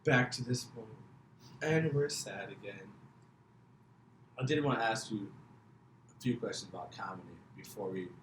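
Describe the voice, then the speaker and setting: A man's voice: on the low side, brisk, a bit bright. Teasing Chicago-accented man host. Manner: joking, teasing. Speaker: podcast host. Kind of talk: casual podcast interview. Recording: roomy with faint noise.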